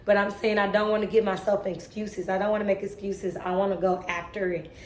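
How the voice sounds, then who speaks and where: A woman's voice: medium pitch, level tone, fairly quick, roomy sound, a little hiss or hum. A young woman talking to camera in an emotional vlog about faith, earnest and a little tearful, with casual slang. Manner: earnest, self-motivating, preachy, casual slang. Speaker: vlogger.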